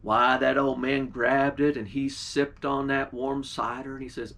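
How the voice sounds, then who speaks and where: A pastor telling a folk tale in a folksy, dialect-rich storytelling way. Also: male voice, medium pitch, little pitch movement, a little slow, few pauses, a bit bright.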